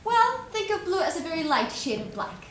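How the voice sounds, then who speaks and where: A woman's voice: very animated, moderate pace, a bit bright, full character voice. A woman on stage playing a vain, scheming mayor's wife who shows off with fake French. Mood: pretentious. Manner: shrill, showy, pretentious, fake French phrases. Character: vain, scheming middle-aged mayor's wife, social climber. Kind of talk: stage play performance. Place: theater stage, heard from the hall. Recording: roomy theater sound from a distance, noisy.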